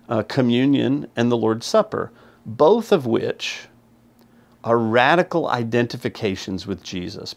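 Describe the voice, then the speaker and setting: A man's voice: medium pitch, vocal fry. A man reading a scripture passage aloud, then teaching on it verse by verse in an earnest, explanatory way, raising his voice to stress key points. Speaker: Bible teacher.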